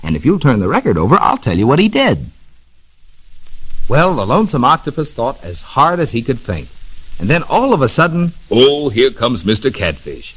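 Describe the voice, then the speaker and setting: A man narrating a children's story on a record in a gentle, expressive way. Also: mid-range voice, normal speed, husky. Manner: gentle, sing-song and expressive.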